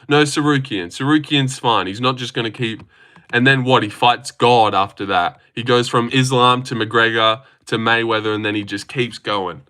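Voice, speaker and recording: A man's voice: medium pitch, fairly even intonation, normal speed, sharp tone, clean tone. A young man rambling casually on a live stream, reading chat aloud and teasing viewers. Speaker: livestreamer.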